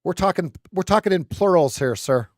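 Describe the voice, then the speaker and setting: A man hosting a live trading stream, explaining charts in an animated, joking way and often repeating his words. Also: high-pitched, fairly quick, dry recording, studio quality.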